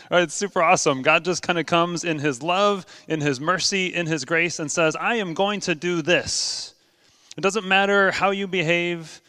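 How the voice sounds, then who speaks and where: A man's voice: a little high, fairly bright tone, smooth, no echo, studio quality. A man preaching a sermon in an earnest, conversational way, with many ums and uhs. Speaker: pastor.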